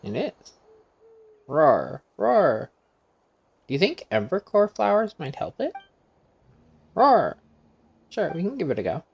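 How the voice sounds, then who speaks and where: A man's voice: high voice, huge pitch swings, fast, gravelly, hardly any pauses, slightly rough, lo-fi sound. A man hosting a gaming channel, playfully reading every character's dialogue aloud himself while playing and laughing often.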